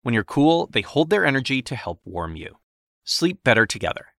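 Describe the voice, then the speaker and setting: A man reading a scripted commercial with a smooth, polished delivery. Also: mid-range voice, very animated, moderate pace, a bit bright, no echo, clean studio sound. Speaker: ad announcer. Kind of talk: scripted ad read.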